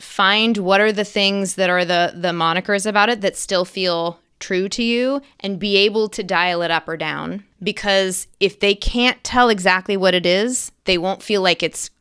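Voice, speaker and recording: A woman's voice: mid-range voice, fairly bright tone, smooth. A woman actress talking as an interview guest in casual, enthusiastic, emphatic chat. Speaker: guest actress and accent coach.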